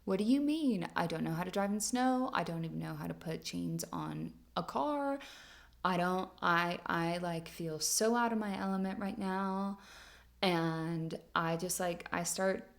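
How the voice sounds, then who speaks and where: Chatty woman with a gravelly low voice. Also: unhurried. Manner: chatty, full of "like" fillers, laughs often. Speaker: podcast host. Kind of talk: casual storytelling monologue.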